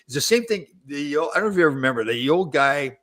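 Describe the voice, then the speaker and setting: A man's voice: fairly high pitch, animated, quick pace, fairly bright tone. A middle-aged man from Canada hosting a casual show, rambling and correcting himself as he hunts for names. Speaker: show host, former hockey player. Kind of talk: casual live show chat.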